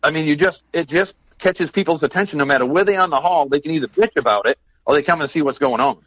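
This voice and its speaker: A talkative man telling upbeat stories in a relaxed podcast chat about his handmade calls. His voice is mid-pitched and sounds a little dull and dry, as if it came through a plain, lo-fi mic with no room echo. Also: fast talker. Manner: chatty, storytelling, upbeat. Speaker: game call maker, podcast guest.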